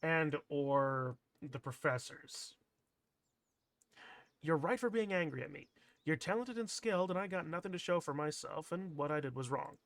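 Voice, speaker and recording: Wry male streamer, lively pitch. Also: normal speed, no echo. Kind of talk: reading a visual novel aloud with commentary.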